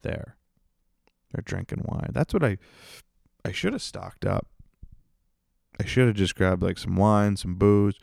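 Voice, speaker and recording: A comedian hosts his own podcast, venting and swearing through a loose solo monologue. His voice sits very low with a rough, gravelly fry to it. The sound is dry and close, with no room echo. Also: animated, unhurried, pauses often, darkish tone. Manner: profane, ranting and venting.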